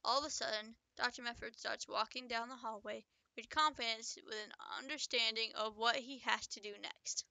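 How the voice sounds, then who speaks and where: Bright, chatty woman reading her own story. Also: on the high side, steady tone, moderate pace, hardly any pauses, no room sound. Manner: chatty, breaks off to joke and comment. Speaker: author reading own book. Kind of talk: casual story reading with asides.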